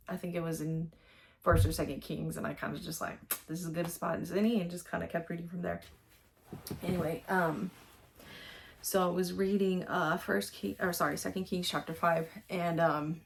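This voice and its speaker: A woman with a somewhat low voice shares thoughts on a scripture passage in an unpolished, conversational way. She rambles, circles back and leans on fillers as she goes. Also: creaky. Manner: rambling, with many fillers and restarts. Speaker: vlogger. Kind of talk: casual Bible reflection.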